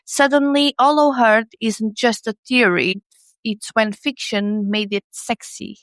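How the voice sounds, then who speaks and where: Slow, wry higher-voiced woman storyteller. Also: no echo. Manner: wry, storytelling delivery with sarcastic asides. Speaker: podcast co-host. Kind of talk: scripted comedic narration.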